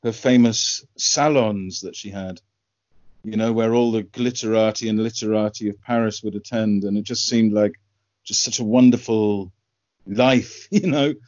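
A man's voice: on the low side, darkish tone, dry recording. A man co-hosting a casual podcast chat, playful and teasing. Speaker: podcast co-host. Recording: dull lo-fi sound with faint music.

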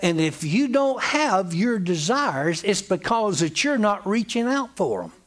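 His voice high and singsong, a very animated preacher takes a measured pace through his sermon. Swooping across his range, he presses his message on the congregation with emphatic, folksy repeats.

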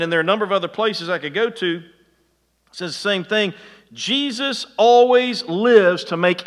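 A man's voice: high voice, fairly bright tone, long reverb tail. A man preaching a sermon in a conversational way, with chuckling asides and frequent restarts. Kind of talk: sermon with anecdotes.

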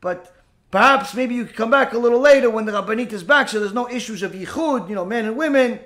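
Soft polite old rabbi, a preacher doing him, high bright voice, apologetic. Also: male voice, quick pace. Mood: meek polite. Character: gentle, meek elderly rabbi.

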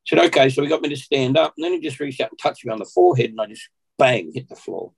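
An Australian man, a podcast guest, earnestly recounting a personal testimony at an unhurried pace and often clearing his throat. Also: medium pitch, lively intonation, low-quality recording.

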